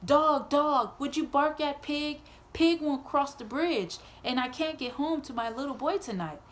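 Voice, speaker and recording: A woman's voice: high-pitched, unhurried, fairly bright tone, a little hiss or hum. A woman voicing a worried old woman in a read-aloud storybook, pleading in a sing-song lament. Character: worried old woman trying to get home.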